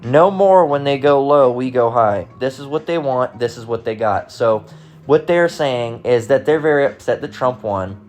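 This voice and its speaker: A man's voice: mid-range voice, animated, normal speed, darkish tone, faint music behind. A man giving casual, rambling commentary on online comments, talking bluntly and profanely with frequent restarts.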